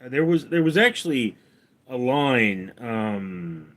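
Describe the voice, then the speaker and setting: A man chats casually on his own livestream, reading viewer messages aloud. He speaks slowly, at an ordinary mid pitch. He calls each name out louder and higher, then drops back down to answer. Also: expressive. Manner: reads out viewers' names and comments, then answers them. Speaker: streamer reading viewer chat; actor.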